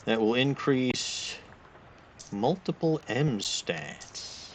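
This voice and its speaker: A man's voice: mid-range voice, lively intonation, extremely slow, slight background noise. A man streaming a game, chatting casually and rambling to himself as he plays, often correcting his own words.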